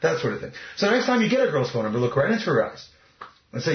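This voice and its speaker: A man's voice: a little high, sing-song, fast talker. A man talking as a dating coach in an interview, cocky and emphatic. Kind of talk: casual interview talk. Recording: echoey, muffled lo-fi recording.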